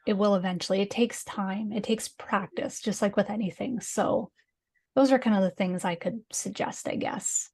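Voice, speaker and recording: A woman's voice: medium pitch, steady tone, normal speed, darkish tone, slightly rough. A Canadian-accented woman chats as a guest on a podcast. She talks in an easygoing way, hedges her points, and often breaks into laughter. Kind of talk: casual podcast chat.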